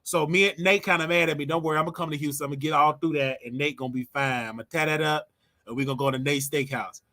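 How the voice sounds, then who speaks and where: Man, livestream host, casual chat, teasing, rambling, bright tone. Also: on the high side, steady tone, fast talker.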